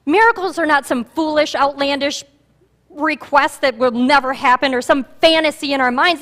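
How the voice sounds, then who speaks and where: A woman pastor preaching a sermon in a church, animated and acting out the voices of a story. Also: sits high, normal speed. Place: church sanctuary. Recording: reverberant church hall.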